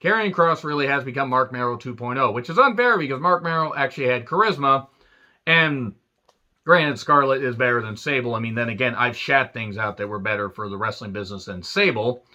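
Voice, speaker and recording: A man's voice: mid-range voice, brisk, pushed and bright, lo-fi sound. A man ranting through a wrestling show recap with sarcastic crude jokes and frequent swearing.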